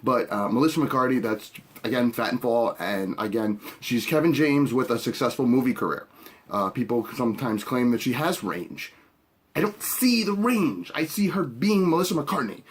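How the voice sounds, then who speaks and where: Husky-voiced man ranting his opinions. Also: mid-range voice, moderate pace. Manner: blunt, opinionated, swears freely. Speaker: podcast host. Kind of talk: casual reaction commentary.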